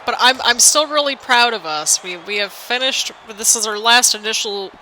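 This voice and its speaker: Young woman gaming host, bright and slightly high voice, chatty and sing-songy, a bit tired. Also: normal speed, a little hiss or hum, low-quality recording. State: a little tired. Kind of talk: casual game commentary.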